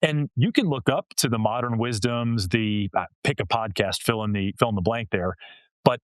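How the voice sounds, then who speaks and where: A man's voice: lowish voice, normal speed, no room sound. A man speaking as a communication coach in a podcast interview, explaining ideas in an earnest, coaching way with everyday examples. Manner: earnest, coaching tone with illustrative quotes. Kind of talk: conversational interview answers.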